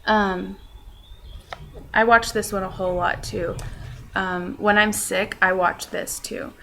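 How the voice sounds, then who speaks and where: A woman's voice: mid-range voice, flat delivery, slow, creaky, sharp tone, a little hiss or hum, low-quality recording. A young woman chatting casually in a vlog, rambling with lots of fillers and poking fun at herself. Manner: self-deprecating. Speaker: vlogger. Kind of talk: casual chat.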